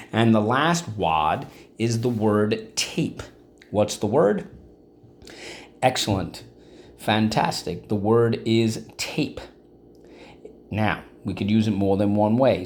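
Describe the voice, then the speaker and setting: A man's voice: on the low side, darkish tone, slight background noise. A male teacher giving a vocabulary and phonics lesson, encouraging and checking in often with the class. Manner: encouraging, checks in with frequent "okay?".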